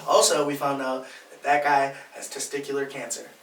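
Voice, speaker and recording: A man's voice: mid-range voice, normal speed, recorded from a distance. A man, a podcast co-host, telling a story in casual chat, acting out the voices of the people in it. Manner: animated, acts out quoted voices, laughs mid-story. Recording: roomy, off-mic podcast audio.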